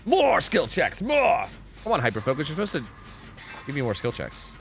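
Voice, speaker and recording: A man commenting live on his game, his pitch leaping high and dropping low again as he swings from pleading shouts to mumbled asides. He is profane and excitable, with faint music under his voice. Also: normal speed, gravelly. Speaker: streamer. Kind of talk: live gaming commentary with chat.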